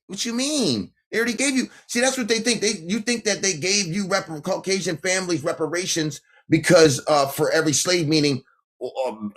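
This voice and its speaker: A man's voice: a little high, a bit bright. A man hosting a livestream, talking straight at his viewers in a confrontational, taunting rant. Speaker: livestream host. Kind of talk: ranting livestream monologue. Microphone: phone livestream.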